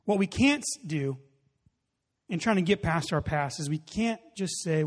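A man in his thirties preaching a sermon, telling a story with animated acted-out reactions. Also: on the high side, a little slow. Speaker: pastor. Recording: long hall reverb.

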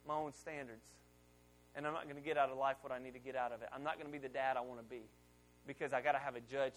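A middle-aged man preaching a sermon in a church, telling stories in a conversational way and rising loud on the points he wants to stress. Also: on the high side. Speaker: pastor.

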